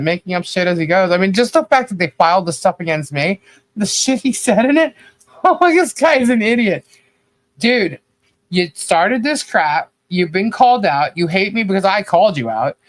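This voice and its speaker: This co-host has a high voice with no echo. On the podcast he delivers critique as a rambling, blunt rant, loaded with "you know" and offhand swearing.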